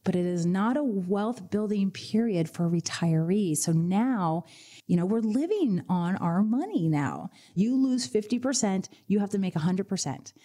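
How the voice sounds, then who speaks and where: A woman financial advisor hosting a radio finance show, telling lively client stories and acting out their reactions. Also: medium pitch, unhurried. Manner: energetic storyteller, acts out client voices.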